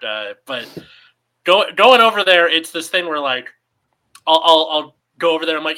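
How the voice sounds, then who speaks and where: A man's voice: fairly high pitch, lively intonation, a little fast, pushed and bright, low-quality recording. A man telling stories in casual podcast chat, hesitant with many restarts.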